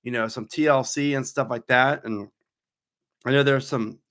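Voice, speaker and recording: A man's voice: mid-range voice, fairly even intonation, moderate pace, fairly bright tone. A man in his thirties, a theme park YouTuber, casually reading out viewer questions on a live stream and answering them in a chatty, rambling way. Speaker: coaster YouTuber host.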